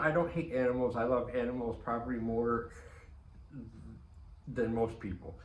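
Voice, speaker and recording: A man's voice: mid-range voice, pushed and bright, echoey room, slight background noise, poor audio. A man telling a casual, rambling anecdote, swearing often and restarting his sentences. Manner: rambling, profane, frequent restarts and fillers. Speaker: storyteller.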